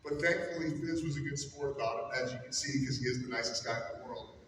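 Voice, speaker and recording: A man's voice: medium pitch, fast, fairly bright tone, slight background noise. Man telling funny stories in echoey hall. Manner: self-deprecating, comic anecdotes. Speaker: broadcaster giving a speech. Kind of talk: humorous storytelling speech to an audience. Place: large hall before a live audience. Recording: echoey hall, distant mic, faint ambience.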